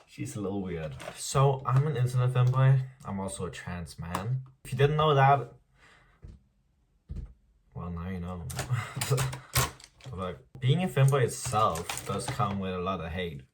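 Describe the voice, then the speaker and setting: A man's voice: fairly low pitch, expressive, unhurried, pauses often, recorded from a distance, a little hiss or hum. A man around twenty talking frankly in a casual diary vlog, swearing freely and laughing often. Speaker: vlogger.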